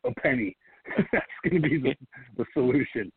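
A man's voice: medium pitch, lively intonation, moderate pace, slightly rough, dry recording. A man co-hosting a casual podcast, joking crudely and swearing heavily. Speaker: podcast co-host. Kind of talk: casual chat. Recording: dry, tinny phone-like sound.

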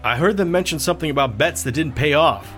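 A man voicing a composed female military officer who speaks curtly and calmly. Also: on the high side, fast talker, faint music behind, pitched above the performer's own voice. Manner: curt, calm.

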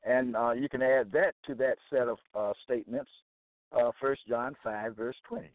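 A man's voice: mid-range voice, fairly even intonation, moderate pace, no room sound. A man hosting a religious broadcast, preaching on Bible passages in an emphatic, repetitive way and checking in with "okay?". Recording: tinny phone-line sound, dry.

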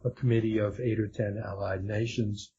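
A man's voice: lowish voice, flat delivery, normal speed, dark tone, slight background noise. A man being interviewed as a guest author, speaking hesitantly with many restarts and fillers. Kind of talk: conversational interview. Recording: dull lo-fi audio.

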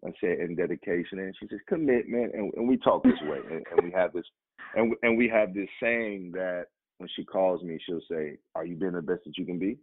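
A man's voice: brisk, slightly rough. A man, an actor, telling personal stories in conversation and acting out the voices of the people in them. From Chicago. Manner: animated, acts out quoted voices with sudden pitch jumps. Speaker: actor and guest. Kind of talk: storytelling in conversation. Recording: dry, narrow phone-like sound.

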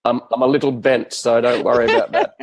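A man in his fifties with an Adelaide Australian accent, a guest on a live podcast, relaxed and joking. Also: mid-range voice, fairly quick, a little hiss or hum, rough recording. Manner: relaxed, easygoing, joking with laughs.

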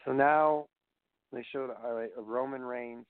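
A man hosting a wrestling review show, talking off the cuff and wandering between points as he reads through results. His voice sits at a middling pitch. It comes through thin and phone-like, with a dry, close sound. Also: steady tone, normal speed, clear, resonant tone, no echo. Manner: rambling, reads results aloud and digresses. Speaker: wrestling podcast host. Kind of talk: casual solo show review.

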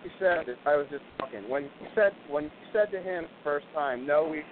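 A man's voice: fairly high pitch, brisk. A man calling in from his office to a casual chat, pressing with repeated questions. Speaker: staffing manager. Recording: tinny phone line with clear hiss.

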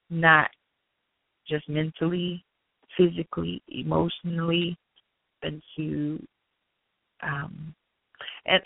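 Gravelly-voiced woman on a phone line. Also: deep voice, no room sound. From Annapolis, Maryland. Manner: animated, acts out dialogue. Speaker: guest. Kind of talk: personal storytelling in an interview. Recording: tinny phone-line sound.

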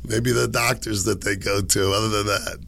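A man's voice: lowish voice, gravelly, fairly bright tone. A man hosting a political commentary show, talking in a rambling, sardonic way while sick. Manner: sardonic, rambling, chuckling asides. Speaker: podcast host.

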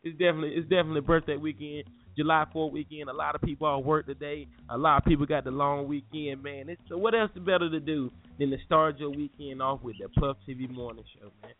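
A man's voice: on the high side, steady tone, quick pace, few pauses. Slangy morning show host man. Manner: loose, slangy, repeats words. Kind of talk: casual radio chat. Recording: tinny phone-like sound with music.

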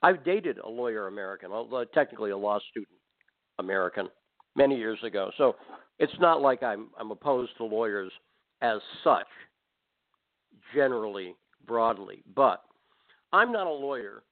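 A man's voice: fairly low pitch, lively intonation, normal speed, pauses often. A man hosting a talk radio show, telling a story with sarcastic, rambling asides. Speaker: radio host. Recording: phone-like narrow band audio.

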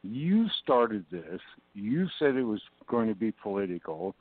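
A man phoning in to a radio show, who laughs a lot and banters with the host. He talks at an unhurried pace. His voice sounds thin and phone-like, with no room around it. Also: on the low side, big pitch swings, no echo. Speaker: caller, poet. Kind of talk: casual call-in chat. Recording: dry tinny phone line.

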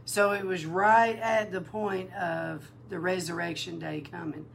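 A woman minister giving a sermon-style testimony, animated and emotional, acting out the dialogue in her story. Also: on the low side, measured pace, creaky, slight background noise. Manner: emotional, near tears. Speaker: prophetic minister.

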